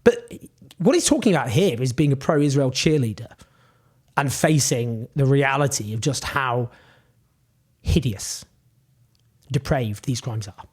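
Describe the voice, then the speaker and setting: A man's voice: medium pitch, animated, unhurried, pauses often, darkish tone, breathy edge. A man giving indignant scripted political commentary, emphatic and full of rhetorical questions.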